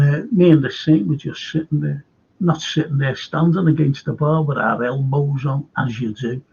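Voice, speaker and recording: Fan-show host, raised pitch, gravelly, swears, muffled audio. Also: male voice, darkish tone, a little hiss or hum. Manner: anecdotal storyteller, swears freely. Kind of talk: casual fan show chat. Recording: dull lo-fi stream audio.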